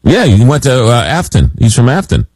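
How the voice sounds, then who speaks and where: A man hosting a late-night call-in radio show, reading listener messages and talking with callers, often halting on fillers. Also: medium pitch, huge pitch swings, a little mellow, no room sound, poor audio.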